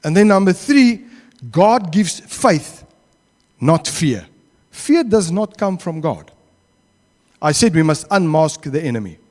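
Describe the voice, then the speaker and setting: South african guy preaching, high voice, echoey church hall. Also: takes it slowly, long pauses. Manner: animated, acts out quotes. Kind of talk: sermon.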